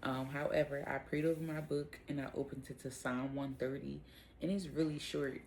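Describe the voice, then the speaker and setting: A woman hosting a casual devotional Bible talk, speaking in a relaxed, rambling way with lots of "um" and "like". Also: a bass voice, normal speed, gravelly, slight background noise, poor audio. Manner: relaxed, rambling, heavy use of fillers like "um" and "like".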